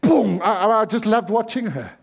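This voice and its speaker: South African preacher in a ringing hall. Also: male voice, high-pitched, normal speed. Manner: swings from hushed pleading to sudden loud cries. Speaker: pastor. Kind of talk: sermon.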